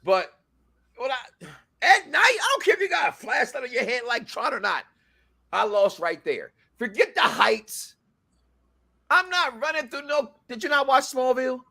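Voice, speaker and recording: A man co-hosting a live review stream, joking in animated, loud-and-soft bursts. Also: extremely high pitch, normal speed, gravelly. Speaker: co-host of a reality show review.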